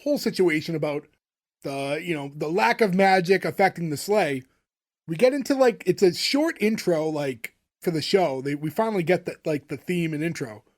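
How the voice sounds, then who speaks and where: Higher-voiced man recapping casually. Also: animated, moderate pace. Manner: rambling, filler-heavy recap with frequent "like". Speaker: podcast co-host.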